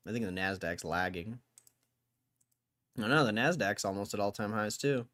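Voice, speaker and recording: A man's voice: fairly low pitch, normal speed, fairly bright tone. Laid-back wry male streamer. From Connecticut, USA. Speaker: livestream host. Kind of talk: casual livestream chat reading headlines.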